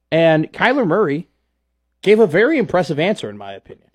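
A man hosting a casual sports talk show, with a slightly higher voice than most men. He rambles and jokes, and gets animated when he argues a point. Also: brisk, husky.

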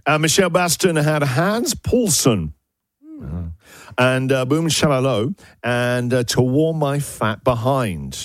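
Brief: male radio host, lively pitch swings, jokey and laughing, music running under. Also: slow pace. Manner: laughing, playful, animated. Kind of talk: casual radio banter.

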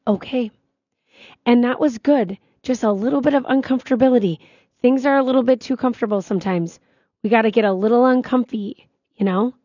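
A woman co-hosting a casual talk show, telling everyday stories in a chatty, animated way. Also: on the high side, a little fast, no echo, dull audio. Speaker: radio co-host. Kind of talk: casual on-air chat.

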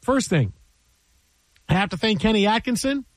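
A man's voice: high-pitched, expressive, moderate pace, dry recording. A man hosting a sports talk show, emphatic and sarcastic, riffing in mock quotes.

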